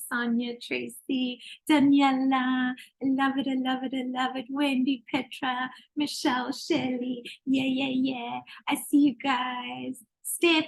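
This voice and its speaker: A woman teaching a manifestation course to a group on a video call, lively and acting out voices as she talks. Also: high-pitched, slow pace, creaky. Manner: animated, acts out quoted voices. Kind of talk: live online group session.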